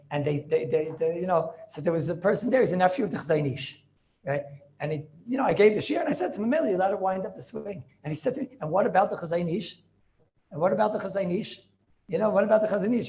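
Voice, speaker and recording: Animated rabbi lecturing in a high voice. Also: male voice, a little hiss or hum. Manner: animated, repeats phrases, mixes Yiddish and Hebrew terms. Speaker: rabbi giving a Torah class. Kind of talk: informal Talmudic lecture.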